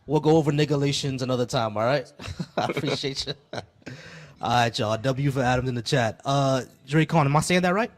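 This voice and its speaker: A man's voice: mid-range voice, fast, hardly any pauses. A man hosting a live call-in debate stream, chatting casually with many fillers and restarts.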